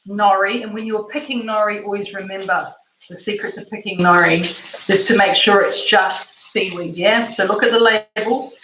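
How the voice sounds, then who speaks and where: A woman's voice: on the high side, fairly bright tone, a little hiss or hum. A woman hosting a cooking show, chatting with bubbly enthusiasm and laughing often as she demonstrates a recipe in her kitchen. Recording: echoey kitchen with clinking dishes.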